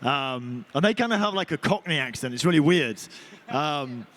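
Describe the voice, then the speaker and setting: Male actor at a convention panel, animated anecdote-teller, voice sits a little high. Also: moderate pace. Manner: animated, chatty storyteller. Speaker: voice and motion capture actor.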